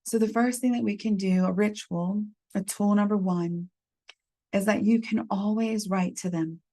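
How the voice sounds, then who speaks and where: A woman leading a support group through a gentle guided reflection, calmly reading out messages from the chat. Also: medium pitch. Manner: gentle, unhurried, reads chat messages aloud. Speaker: medium leading a healing workshop.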